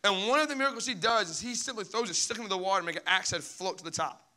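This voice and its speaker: A young man preaching a sermon as pastor, animated and storytelling, putting on squeaky panicked voices for the people in his stories. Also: rapid-fire.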